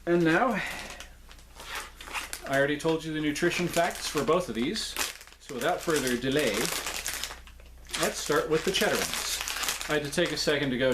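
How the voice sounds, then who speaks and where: A man's voice: fairly high pitch, animated, moderate pace, long pauses, background noise. A man reviewing snacks in a casual, chatty way, with playful jokes and asides.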